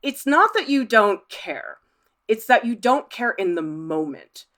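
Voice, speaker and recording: A woman art professor hosting a livestream, reading viewer comments aloud and chatting back in a lively, laughing way. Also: fairly high pitch, measured pace. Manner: chatty, animated, laughs often.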